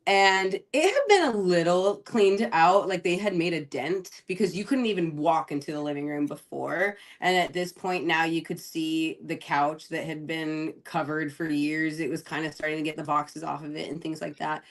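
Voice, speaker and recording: Woman guest, lowish voice, chatty storytelling, lots of "like" and laughing. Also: moderate pace, few pauses. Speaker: guest investor. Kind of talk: casual storytelling.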